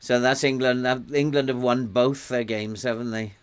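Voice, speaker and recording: A man's voice: mid-range voice, fairly even intonation, normal speed, clear, resonant tone. Chatty older Welsh man streaming a game. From Wales. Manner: chatty, coaxes and scolds his virtual players, chuckles often. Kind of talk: casual gameplay commentary.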